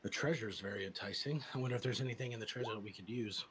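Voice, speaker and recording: A man's voice: on the low side, racing, a crowd in the background. A man playing in a tabletop game, teasing his companions in a dry way. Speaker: tabletop player. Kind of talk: casual in-character play chat.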